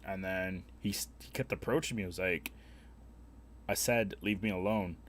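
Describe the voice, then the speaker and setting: A young man streaming a game, telling a story in a blunt, heavily profane, animated way. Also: low-pitched, moderate pace, slight background noise. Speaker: live streamer. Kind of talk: casual storytelling while gaming.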